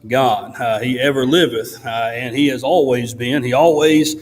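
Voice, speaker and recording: Halting preacher in echoing church. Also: male voice, medium pitch, steady tone. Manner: halting, fills pauses with frequent "uh". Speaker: pastor. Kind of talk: sermon. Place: church sanctuary. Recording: long church reverb.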